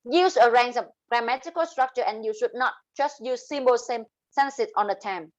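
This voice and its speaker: A woman with a Vietnamese accent teaching an English speaking class, explaining terms and slowly modeling example sentences. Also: a little high, dull audio. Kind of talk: online class lesson.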